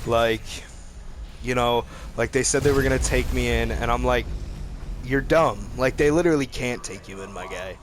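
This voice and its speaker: A man's voice: mid-range voice, normal speed, background noise. A young man vlogging, telling a rambling, profane story in casual slang.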